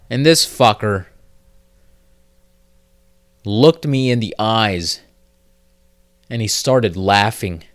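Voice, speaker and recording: Slow, low-voiced man ranting profanely. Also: clean tone, no room sound, studio quality. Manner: rambling, profane storytelling with many fillers. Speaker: podcast host. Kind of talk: casual solo podcast monologue.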